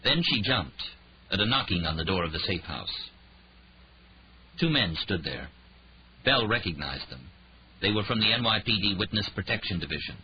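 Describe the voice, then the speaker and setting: A man narrating an audiobook thriller in a dramatic, expressive reading. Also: low voice, normal speed, pauses often, a little hiss or hum. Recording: dull lo-fi audiobook recording.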